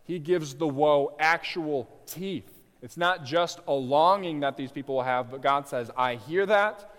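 A man preaching an expository sermon, slowing down for emphasis and swelling loud on the quoted cries. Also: on the high side. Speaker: pastor. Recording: long hall reverb.

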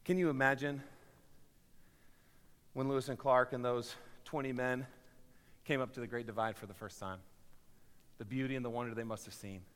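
A man preaching a sermon as pastor of his church, swinging from loud, driving appeals to quiet, hushed storytelling. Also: medium pitch, fairly even intonation, moderate pace, long pauses, clean tone. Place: church sanctuary. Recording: reverberant church hall.

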